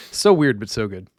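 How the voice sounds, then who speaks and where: A man's voice: lowish voice, a little mellow, no echo, clean studio sound. Laid-back man hosting a chat. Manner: laid-back, laughs often, hands turns to others. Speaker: podcast host. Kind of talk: casual chat.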